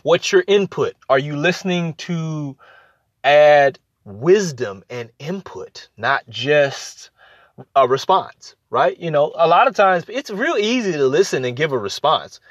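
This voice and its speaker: A podcast host gives casual advice about listening in relationships, repeating phrases for emphasis and acting out little exchanges. His fairly high voice is animated and measured in pace, on a dry, muffled recording.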